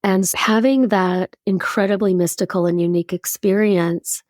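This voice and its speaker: A woman in her fifties, a podcast guest, telling a personal story in an animated way and acting out what people said. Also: medium pitch, normal speed, dry recording, clean studio sound. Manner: animated storyteller who acts out quoted speech.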